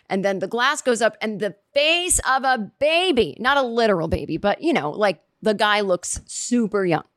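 Rambling, animated woman telling a comic story. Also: normal speed, few pauses, dry recording, clean studio sound. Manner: rambling, self-interrupting, lots of "like" and "you know"; animated, jumps in pitch for emphasis.

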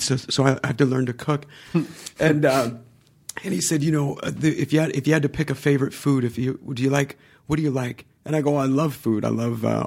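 Guy w a gravelly voice, podcast guest telling stories, does the voices. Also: mid-range voice. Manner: animated storyteller, acts out quoted voices. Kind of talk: casual podcast chat.

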